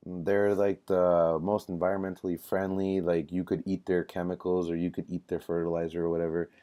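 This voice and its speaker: A man's voice: sits low, dark tone. A young man telling a rambling, casual story to camera, full of fillers and self-corrections. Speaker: vlogger.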